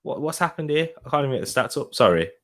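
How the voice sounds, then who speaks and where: A man's voice: a little high, sing-song, fast. A man hosting a live football watch-along, talking in an exasperated, rambling way and repeating himself.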